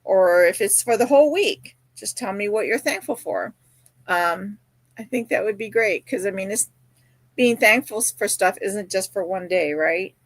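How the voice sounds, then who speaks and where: On a streaming setup with no echo, a woman with a medium-pitched voice hosts a crochet livestream at a moderate pace. She chats casually, reads out viewer comments and tells stories full of fillers, even doing quoted voices.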